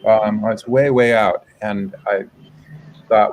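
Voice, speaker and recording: A man being interviewed over a video call, telling a personal story in a reflective, halting way. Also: fairly low pitch, steady tone, rough recording. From United States. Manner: reflective, halting, with soft restarts. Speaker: guest, public health professor.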